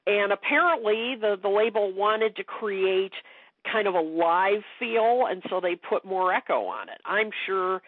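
A woman's voice: mid-range voice, animated, unhurried, no room sound. A woman speaking as a guest expert in a casual interview chat, talking with many fillers and restarts. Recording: dry phone-like call audio.

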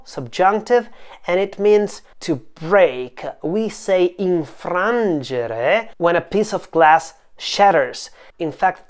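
A woman with as her explains song lyrics line by line in a low, unhurried voice. She talks slowly and carefully, and now and then stretches out a word to spell it out. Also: smooth. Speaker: Italian teacher and channel host.

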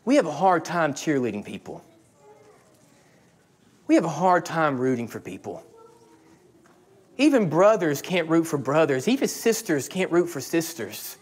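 A man in his thirties, a pastor preaching a sermon, animated and acting out quoted dialogue. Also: on the high side, unhurried, pauses often. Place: church sanctuary.

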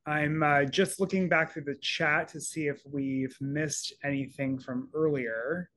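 A man moderating an online lesson, reading viewers' questions aloud from the chat. His voice sits a little higher than average, and he keeps his delivery quick and matter-of-fact. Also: steady tone, fairly bright tone. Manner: brisk, reads questions aloud. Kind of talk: moderating a live Q&A.

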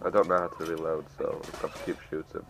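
A man playing a video game and commenting casually, excitable and boastful, exclaiming at every kill. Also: rumbling low, fast, vocal fry. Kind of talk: casual let's-play commentary. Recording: noisy home recording.

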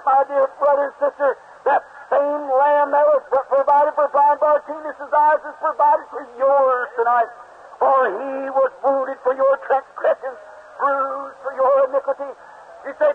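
A man's voice: very high-pitched, a little hiss or hum. A man preaching a fervent revival sermon and altar call, pleading with the crowd in a large church hall. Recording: tinny lo-fi old tape.

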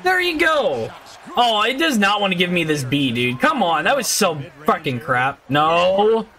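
A man giving casual, excitable gameplay commentary. He gets easily frustrated, yells at his teammates, and talks in slang with mild swearing. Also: sits high, moderate pace. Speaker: gaming YouTuber.

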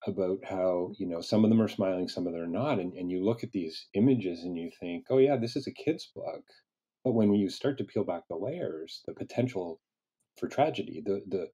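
A man hosting an interview over a video call, earnest and halting, with many restarts. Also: deep voice, mellow, breathy edge. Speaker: interview host.

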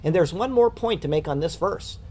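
A man giving a verse-by-verse Bible study, explaining the text in a measured teaching manner with rhetorical questions. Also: a little high, expressive, darkish tone, a little hiss or hum.

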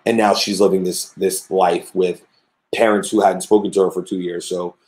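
Halting man host in an echoey room. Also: deep voice, level tone, darkish tone. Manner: halting, repeats words while framing questions. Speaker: podcast host. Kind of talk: conversational interviewing. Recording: roomy echo.

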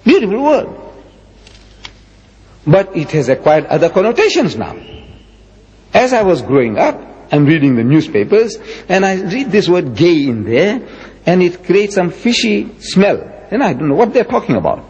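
A man's voice: big pitch swings, moderate pace, a little mellow. A man in his seventies giving an emphatic, rhetorical religious lecture. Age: 70s. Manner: emphatic, rhetorical, with dramatic swings in pitch. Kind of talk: public lecture. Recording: dull lo-fi recording with long hall reverb.

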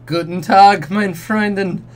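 A man's voice: high voice, fairly even intonation, takes it slowly, voice pushed up. A man doing a showy, cheerful elf mage. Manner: showy, hammy German accent. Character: cheerful, worn-down male elf street mage.

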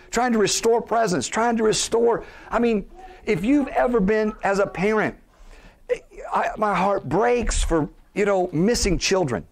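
A middle-aged man delivers a sermon with lively energy, tossing questions at his listeners and pushing his voice close to a shout as he builds. His voice sits somewhat high for a man. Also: a little hiss or hum. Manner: animated preaching, rhetorical questions, rising to near-shouts. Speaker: pastor.

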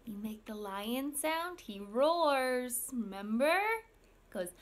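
A woman's voice: high-pitched, sing-song, slow, fairly bright tone, slight background noise. A young woman reading a picture book to young children in an exaggerated sing-song voice, making animal sounds. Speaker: speech language pathologist.

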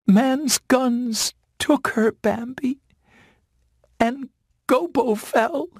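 Brief: young girl fawn, very high and drawn-out, caring, done by a woman narrator. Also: sing-song, dark tone, husky, dry recording, exaggerated voice. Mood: distressed. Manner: high, slow and emotional.

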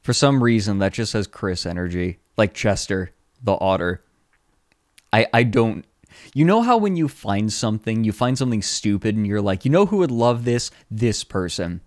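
A man streaming casually, who laughs often, exclaims loudly and reads chat aloud. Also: fairly low pitch, lively intonation, normal speed, no echo, studio quality.

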